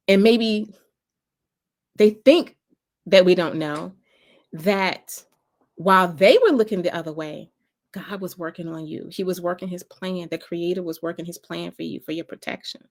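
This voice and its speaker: A woman's voice: fairly low pitch, darkish tone. A woman from North Carolina with a Southern accent, giving an inspirational faith talk as a motivational speaker, with emphatic repetition and a preaching cadence.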